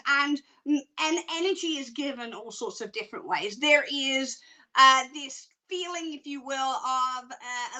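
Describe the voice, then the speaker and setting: A woman psychic doing live card readings, chatty and excitable, laughing often. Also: high-pitched. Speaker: psychic reader.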